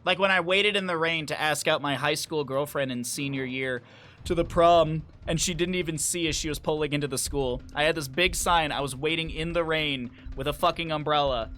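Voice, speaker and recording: A high, bright man's voice rambles through profane stories while playing a game on stream. He breaks off to greet chat and comment on the match. Faint music plays underneath. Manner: rambling, profane storytelling with quick asides to chat. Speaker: gaming streamer.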